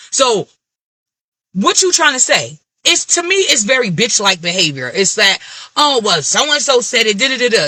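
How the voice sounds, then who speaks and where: A woman vlogger with an African American Vernacular English accent vents to camera in a candid, blunt, profane, and animated rant. Her voice is mid-range, and the recording is dry.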